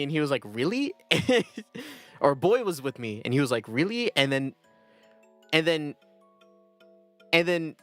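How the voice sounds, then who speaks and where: A man's voice: on the high side, a bit bright, no echo. A young man chatting casually on a livestream, rambling and self-deprecating, often breaking into laughter. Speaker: streamer.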